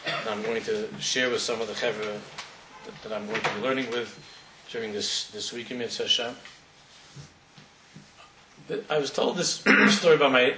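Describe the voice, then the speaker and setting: A man's voice: mid-range voice, noisy background. A middle-aged man, a rabbi, tells a story during a talk, speaking in a conversational, digressive way with frequent restarts. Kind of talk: sermon storytelling. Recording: roomy hall from far off.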